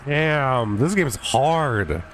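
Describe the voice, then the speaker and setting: A man streaming a horror game, yelping, swearing and apologizing to his teammates, then musing calmly on the game. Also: medium pitch, slow. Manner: calm, musing commentary. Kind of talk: live game commentary. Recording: faint background noise.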